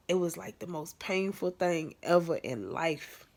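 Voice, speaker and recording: A woman's voice: lowish voice, lively intonation, measured pace, vocal fry. A woman telling a painful personal story to camera in a casual, candid way, full of fillers and restarts. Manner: conversational, many fillers and restarts, swings from soft to emphatic. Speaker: vlogger.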